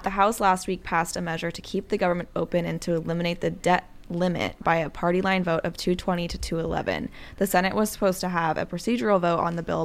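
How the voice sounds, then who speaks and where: A woman's voice: on the low side, creaky. A young woman co-hosting a news podcast, explaining the news plainly and adding dry remarks. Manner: reads facts plainly, then adds dry remarks. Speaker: podcast co-host.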